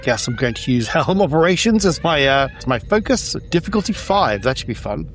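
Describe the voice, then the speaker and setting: A man's voice: on the high side, very animated, fairly quick. A man playing a tabletop game, talking casually and matter-of-factly about his rolls. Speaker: player.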